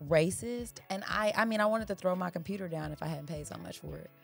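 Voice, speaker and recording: A woman's voice: fairly low pitch, gravelly, fairly bright tone, faint music behind. A woman co-hosting a casual book-club podcast, joking playfully and laughing easily. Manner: playful, jokey, quick to laugh. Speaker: podcast co-host.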